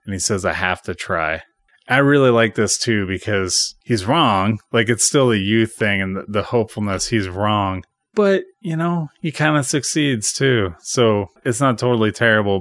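A man with a deep, low voice casually recaps a movie, quoting the dialogue without acting it out. His voice sounds dry and close, with no room echo. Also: moderate pace. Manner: retells scenes, quoting dialogue flatly. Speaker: podcast host.

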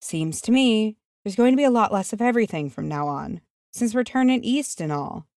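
A woman reading aloud and voicing a homely male hobbit cook who mutters and speaks slowly. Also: medium pitch, animated, darkish tone, dry recording, clean studio sound, voice pushed up, lightly acted. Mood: grumbling. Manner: muttering, slow, rustic.

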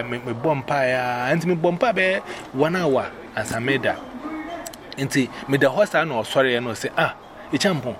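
A man with a Ghanaian accent telling a personal story in casual, animated speech, acting out the voices he quotes. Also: mid-range voice, noisy background.

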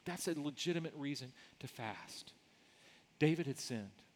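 A man's voice: a little high, expressive, unhurried. A middle-aged man, a pastor, preaching a sermon in a conversational way, often repeating words as he starts sentences.

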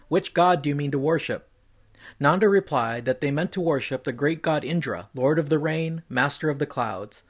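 A man reading a mythological story aloud in an even, measured storytelling voice. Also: fairly high pitch.

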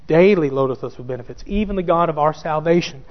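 A man preaching with a fairly high voice, driving his points home by repeating them. He speaks straight to the men in the pews. The recording is dull and rings with long church reverb. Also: fast, few pauses. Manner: emphatic, repeats key phrases, addresses listeners directly. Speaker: pastor. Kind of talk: sermon.

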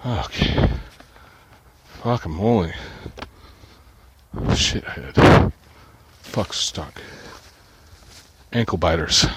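Man, very low voice, agitated, swearing nonstop, muttering rant. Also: noisy background. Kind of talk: profane ranting monologue.

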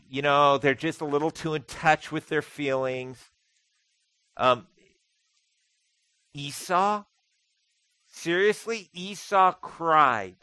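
A man's voice: mid-range voice, fairly bright tone, dry recording, rough recording. A man preaching a sermon as pastor, conversational with dry humor and emphatic repetition. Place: church sanctuary.

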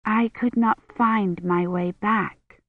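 A frail young woman, as a woman reader puts her on, speaking faint and hushed in slow, worn-out words. The sound is tinny and phone-like, with a dry, close feel. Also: mid-range voice, no room sound, lightly acted. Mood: weak. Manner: quiet and faint. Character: weak young woman, ill and wary.

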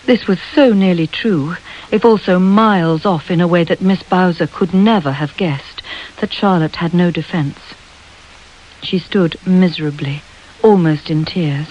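A woman narrating a storybook in a measured, expressive way. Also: on the low side, highs cut off. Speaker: audiobook narrator.

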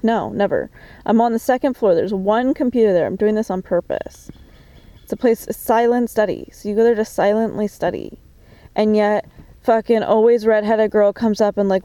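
A woman talking to a phone camera in a diary-like monologue, agitated and suspicious, swearing often, with many fillers and halting restarts. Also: medium pitch, mellow, no echo.

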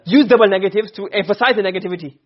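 A man teaching Arabic grammar in a classroom, talking fast and fairly high for a man. His comes through, and he keeps firing questions at his students. The recording is muffled and lo-fi. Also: breathy edge. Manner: quizzing students with quick questions. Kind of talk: classroom lesson.

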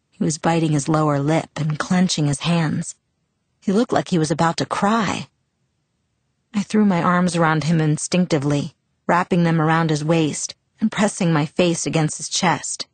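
A woman narrating a first-person novel as an audiobook, steady and reflective. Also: deep voice, moderate pace, no echo.

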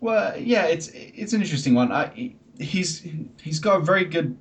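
A man's voice: a little high, lively intonation, moderate pace. A man co-hosting a podcast in casual chat, talking in a chatty, hesitant way with many fillers and restarts. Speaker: podcast co-host.

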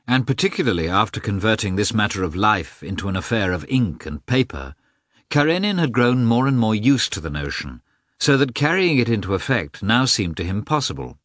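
A man narrating an audiobook in an expressive, measured reading. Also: on the low side, dry recording, clean studio sound. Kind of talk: scripted narration.

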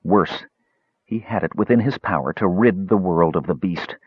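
Deep husky male narrator, expressive. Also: moderate pace, no room sound, dull audio. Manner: dramatic, expressive reading. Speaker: audiobook narrator. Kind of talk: scripted fantasy narration.

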